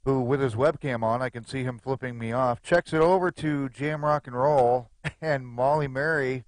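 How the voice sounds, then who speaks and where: A man's voice: medium pitch, moderate pace, dry recording. Chatty man calling an online poker game. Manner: chatty, joking asides. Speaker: poker commentator. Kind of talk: live play-by-play commentary.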